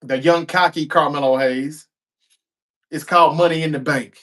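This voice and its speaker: A man's voice: fairly high pitch, fairly even intonation, normal speed, fairly bright tone. A man hosting a show, recapping a wrestling episode in a casual, chatty way with offhand asides.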